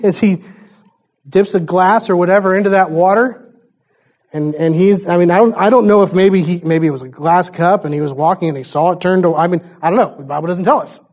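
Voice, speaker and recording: A man's voice: high voice, darkish tone. A man preaching a sermon in a conversational way, chuckling often and telling the story with animation.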